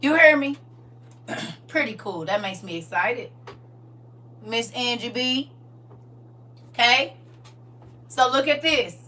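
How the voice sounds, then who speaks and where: A woman's voice: a little high, expressive, slow, pauses often, bright, forceful tone, distant mic. Lady running a bible study stream, reads scripture then preaches to the chat, sits back from the mic. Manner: casual, preachy, talks to her viewers directly. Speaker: Bible class teacher. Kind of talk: livestreamed Bible study class.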